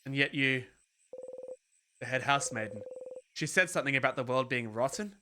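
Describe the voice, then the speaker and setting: A streamer on a game playthrough, reading the narration dramatically in the second person, with quick asides. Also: mid-range voice, noisy background. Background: game music.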